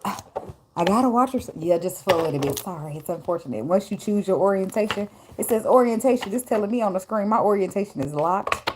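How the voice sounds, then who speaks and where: This tarot reader has a mid-range, expressive voice and talks fast as she gives her viewers a loose, profane, jokey reading. It's a casual spiritual vlog she films on her phone at home, and the recording is noisy.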